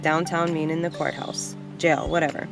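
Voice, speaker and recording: A young adult woman vlogger telling a personal story in a casual, animated way, blunt and quick to swear. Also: low voice, gravelly, over music.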